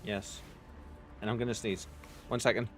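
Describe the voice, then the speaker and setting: Low-voiced man streaming a game. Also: flat delivery, moderate pace, a bit bright, soft background music. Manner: chatty, talks to chat while playing. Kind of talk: casual let's-play commentary.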